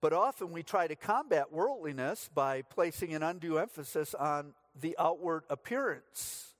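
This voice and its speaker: A man's voice: on the high side, animated, normal speed. A middle-aged man from the United States, preaching a sermon as pastor, telling stories with dry humor.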